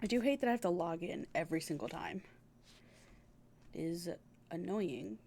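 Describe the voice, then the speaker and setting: A woman's voice: fairly low pitch, expressive, normal speed, a little mellow. A young woman streaming a game, chatting casually, gushing and swearing as she reacts.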